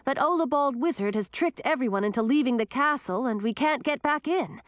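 A woman's voice: sits high, lively intonation, a little fast, dry recording, clean studio sound, pitched above the performer's own voice. A woman voicing a young dragoness princess, earnest and brave. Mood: regretful. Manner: bright and earnest, calls out loudly.

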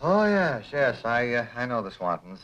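A middle-aged bachelor who loves to needle his friend. His voice is bright and springy, rising and falling with mock sincerity, in 1950s sitcom fashion. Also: medium pitch, sing-song, normal speed, highs cut off. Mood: teasing. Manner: teasing, playful.

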